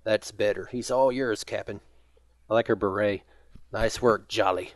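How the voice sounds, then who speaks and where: A man's voice: on the low side, fairly even intonation, moderate pace, no room sound. A man co-hosting a casual comic review, wry and quoting dialogue aloud. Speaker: podcast co-host. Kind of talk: casual chat.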